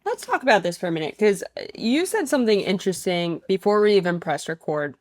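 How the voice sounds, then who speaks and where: A woman's voice: medium pitch, very animated, fast talker, dry recording, clean studio sound. A woman hosting a podcast and teaching voice, asking questions in a thoughtful, chatty way. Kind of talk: casual podcast interview.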